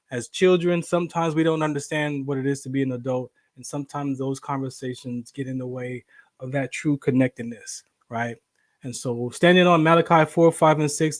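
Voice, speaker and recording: A man's voice: mid-range voice, no echo. Upbeat male radio host, dry studio sound. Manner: upbeat, preachy, cites scripture. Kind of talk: radio show host segment.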